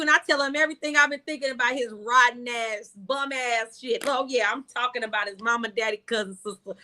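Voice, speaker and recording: A young woman hosting a casual talk show, brash and profane, telling her stories with big animated swings. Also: a little high, brisk, few pauses. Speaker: podcast host. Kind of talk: casual chat.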